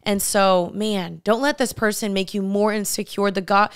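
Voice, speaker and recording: A young woman co-hosting a casual podcast, giving earnest, heartfelt advice in a rapid flow of talk. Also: medium pitch, fairly even intonation, smooth, no echo, clean studio sound. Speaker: podcast co-host. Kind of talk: casual chat.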